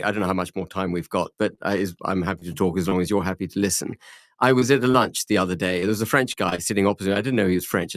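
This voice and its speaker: Emphatic politician, firm delivery. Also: male voice, lowish voice, dry recording, clean studio sound. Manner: firm, emphatic, repeats key phrases. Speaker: politician interviewed as guest. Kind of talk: measured political argument.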